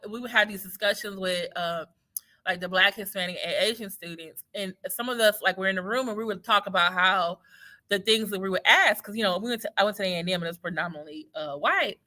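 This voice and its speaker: A Houston teacher with a Texas Southern accent and a medium-pitched voice talks casually on a livestream. She's animated and sarcastic, often wandering off on tangents.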